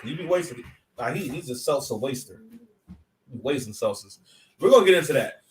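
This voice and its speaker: A man's voice: mid-range voice, animated, a little fast, recorded from a distance. Rambling joking man, echoey room. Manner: rambling, joking, stop-and-start with repeated words. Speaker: battle rap commentator. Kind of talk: casual commentary. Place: at home with his son nearby.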